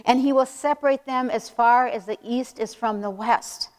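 A woman preaching a sermon in an earnest, emphatic way, slowing down to stress key phrases. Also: fairly high pitch, steady tone, a little mellow, big-room sound.

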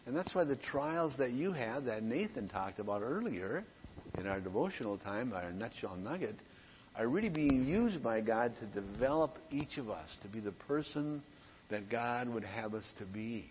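A man, a pastor, delivering an earnest, conversational sermon with frequent pauses. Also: mid-range voice, expressive, big-room sound, dull audio, slight background noise.

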